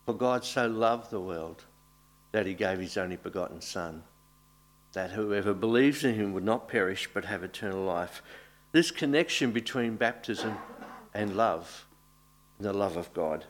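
A man preaching a baptism sermon as pastor, speaking earnestly with small restarts and pauses. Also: on the low side, slight background noise.

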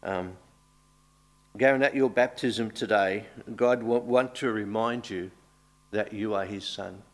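A male pastor delivers a baptism sermon in a somewhat low voice. He speaks earnestly and unhurriedly, with frequent small restarts and pauses as he gathers his thoughts.

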